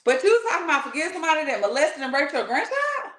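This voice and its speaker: A woman rants in a blunt, sarcastic way and swears freely as she acts out other people. Her fairly high voice leaps around with animation. The room gives it a clear echo. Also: big pitch swings, quick pace, fairly bright tone. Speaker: spiritual vlogger. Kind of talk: animated casual commentary. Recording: roomy echo.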